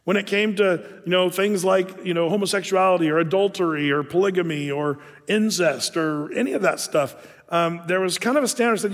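Pastor, middle-aged man, somewhat high voice, relaxed and rambling sermon delivery, long echo of a big hall. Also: a little fast. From Southern Oregon. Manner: conversational, many fillers and restarts.

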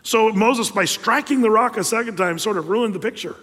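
Male pastor, lively storytelling sermon; fairly high voice, reverberant hall. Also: brisk. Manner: lively storytelling, asks rhetorical questions.

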